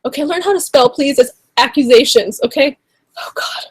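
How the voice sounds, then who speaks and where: Woman YouTuber, higher register, dry close sound; indignant, rambling casual commentary full of fillers. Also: moderate pace, dry recording. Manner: indignant, rambling, heavy on "like" and "you know".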